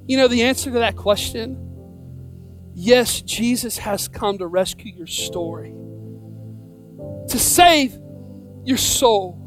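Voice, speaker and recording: A woman preaching a sermon, repeating a refrain with rising emphasis and sometimes shouting. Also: fairly high pitch, expressive, slow, long pauses, soft background music.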